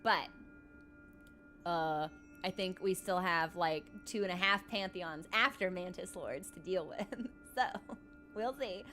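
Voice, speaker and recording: A woman streaming a game, chatting casually and telling animated stories full of "like" and quick laughs. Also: lowish voice, soft background music. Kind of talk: casual live-stream chat.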